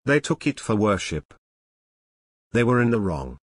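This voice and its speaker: Man reading scripture in short measured phrases. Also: on the low side, sing-song, husky, no room sound. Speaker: scripture reader.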